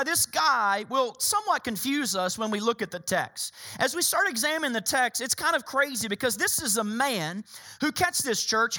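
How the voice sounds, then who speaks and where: A man's voice: extremely high pitch, bright, forceful tone. A male pastor preaching a sermon in a church, emphatic, repeating phrases and addressing the congregation directly. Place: church sanctuary.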